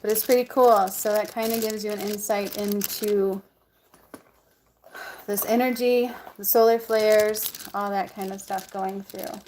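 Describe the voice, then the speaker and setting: A woman's voice: medium pitch, fairly even intonation, a little slow, a little mellow, a little hiss or hum. A woman chatting casually to her camera as a vlogger, bubbly and full of ums and likes.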